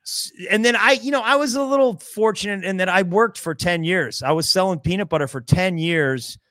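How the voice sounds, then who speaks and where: 50s guy from the midwest, comic spinning a story, does the other guys' lines, kinda high voice, dry sound. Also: a little fast, no room sound. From American Midwest. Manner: animated storyteller acting out dialogue in other voices. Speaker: guest comedian. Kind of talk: casual storytelling chat.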